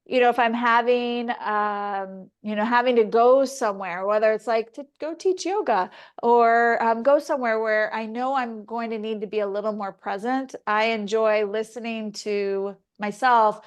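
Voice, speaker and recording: Smooth-voiced woman sharing reflectively. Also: on the high side. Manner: reflective, halting, with many fillers. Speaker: class participant. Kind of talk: sharing in a group class.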